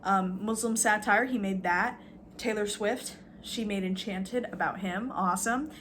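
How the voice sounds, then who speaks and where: A woman's voice: medium pitch, unhurried, fairly bright tone, a little hiss or hum. A woman vlogging a casual, rambling rant, sarcastic and full of fillers, swearing now and then.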